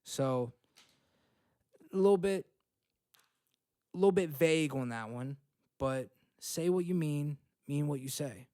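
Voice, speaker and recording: A young man hosts a motivational self-help podcast from home, blunt and freely profane, constantly checking in with "okay?" and "right?" to drive his points home. His fairly high voice has a dark, smooth tone and an unhurried pace with frequent pauses. The studio-clean recording has no room sound.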